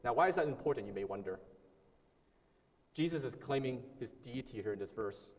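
A man's voice: medium pitch, animated, brisk, big-room sound. A man preaching a sermon as a pastor, earnest and emphatic, repeating key words and sometimes restarting phrases.

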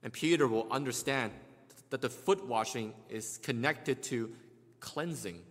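A man delivers a sermon and walks through scripture step by step, often restarting his words and voicing the quoted lines. His voice sits at a middle pitch. Long reverb from the hall trails every phrase. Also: measured pace, a bit bright. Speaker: preacher.

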